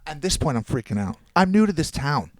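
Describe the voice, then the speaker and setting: Animated man telling a story. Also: a little high, brisk, crowd noise. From New Jersey. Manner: animated, acts out quoted people. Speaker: podcast guest. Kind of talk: casual storytelling chat.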